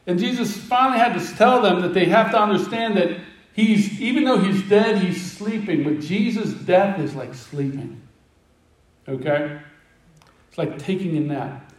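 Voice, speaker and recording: A high-pitched male preacher telling a scripture story with playful voices for the disciples. He sounds set back from the mic in an echoey room. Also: moderate pace, distant mic. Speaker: pastor. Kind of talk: sermon.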